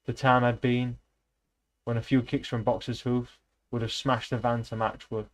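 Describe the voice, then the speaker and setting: A man's voice: medium pitch, flat delivery, normal speed, poor audio. A man reading a novel aloud in a loose, casual way, with slips and restarts. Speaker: reader, streamer.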